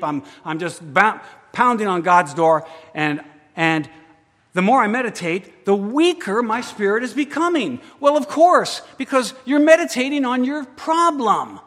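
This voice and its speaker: Male preacher, slightly high voice, dramatic delivery, long hall echo. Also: lively intonation, a little slow, a bit bright. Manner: dramatic, voices the worried psalmist in first person. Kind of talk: sermon.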